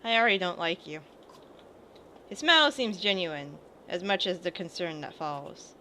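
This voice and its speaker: A woman's voice: on the low side, normal speed, pushed and bright, slight background noise. A woman playing a video game and reading its dialogue aloud in a casual way, swearing now and then and commenting on the game as she goes. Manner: reads lines mostly without character voices. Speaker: let's play gamer.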